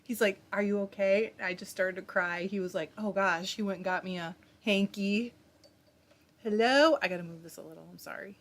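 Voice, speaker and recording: A woman's voice: mid-range voice, moderate pace. A woman hosting a live stream, chatting casually, greeting viewers by name and reading their comments aloud. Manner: laughs often while talking. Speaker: livestream host spinning yarn.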